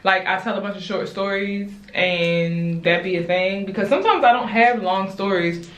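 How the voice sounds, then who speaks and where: A young woman from Baltimore telling a casual storytime at home while doing her hair, chatty and animated, talking straight to her viewers. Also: mid-range voice, normal speed. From Baltimore, USA. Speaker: vlogger. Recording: roomy echo.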